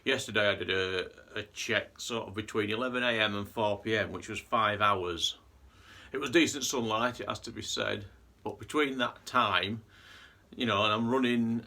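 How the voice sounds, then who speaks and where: A man's voice: lowish voice, sharp tone. A man vlogging in a casual monologue, earnest and rambling with frequent restarts.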